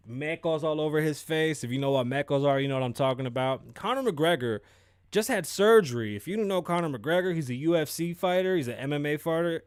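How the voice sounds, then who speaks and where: A young man hosts a casual podcast, ranting in an animated, profane way about sports news. His voice sits on the high side and sounds dry and close, with no room in it. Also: clear, resonant tone, no room sound. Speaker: podcast host. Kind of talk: casual commentary.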